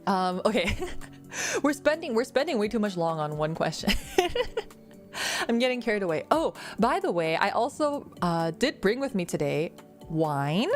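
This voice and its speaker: A woman's voice: medium pitch, big pitch swings, unhurried. Casual young female streamer, giggly, rambling delivery with fillers, light music bed. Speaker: VTuber streamer. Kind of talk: casual Q&A chat.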